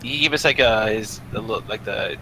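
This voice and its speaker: A man's voice: lowish voice, fairly quick, sharp tone, a little hiss or hum, low-quality recording. Hesitant man playing a tabletop game. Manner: hesitant, questioning. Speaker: player. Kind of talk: casual tabletop game chat.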